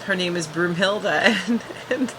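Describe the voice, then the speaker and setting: A woman's voice: lowish voice, measured pace, bright, forceful tone, a little hiss or hum, low-quality recording. A woman casually recapping a TV episode as a reviewer, chatty, with frequent restarts and fillers.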